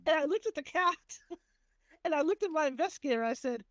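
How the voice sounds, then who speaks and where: A woman podcast host chats about her investigations, rambling with plenty of fillers. Her voice is high, and the sound is dry and close. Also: animated, fairly quick, no room sound. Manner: chatty, rambling with many fillers. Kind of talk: casual chat.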